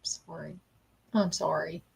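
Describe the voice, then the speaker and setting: A woman's voice: low voice, fairly even intonation, slow pace, creaky, a little mellow, breathy edge. A woman hosting a live-stream reading as a psychic medium, speaking earnestly and stopping often to check in with "okay?" between frequent ums.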